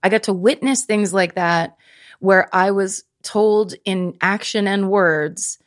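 A woman in her fifties, a podcast guest, chatting casually and telling stories in quick animated bursts. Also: mid-range voice, no room sound, studio quality. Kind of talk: casual chat.

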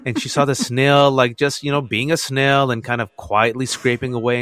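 A man, an author, talking in a radio interview as an animated storyteller who laughs often. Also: medium pitch, a little fast, few pauses, dry recording. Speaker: author and guest.

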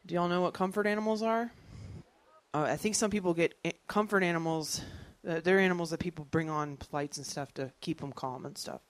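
A stand-up comedian in their thirties telling jokes in an animated way and acting out other people's voices. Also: medium pitch, a little fast, no echo.

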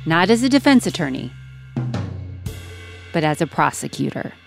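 A woman co-hosting a podcast in a relaxed, chatty and lightly teasing way. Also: sits low, normal speed, creaky, faint music behind. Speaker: podcast co-host. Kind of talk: casual podcast conversation.

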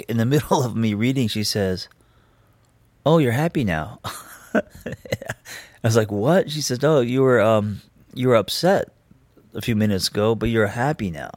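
Low-voiced man musing candidly. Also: no room sound. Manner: candid and reflective, loosely rambling with frequent ums. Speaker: podcast host. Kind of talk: casual personal monologue.

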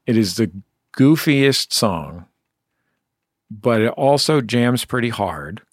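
A man's voice: medium pitch, lively intonation, takes it slowly, no echo. A male interview host who talks about the music with enthusiasm and hums out horn lines as he goes. His voice sits in a middle register and is recorded close and dry. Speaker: radio host. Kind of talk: interview hosting.

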